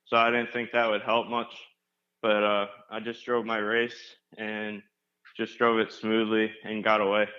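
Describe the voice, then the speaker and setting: A young man, a race car driver, answering interview questions in a flat, composed, low-key way. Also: unhurried, muffled recording. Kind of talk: casual interview.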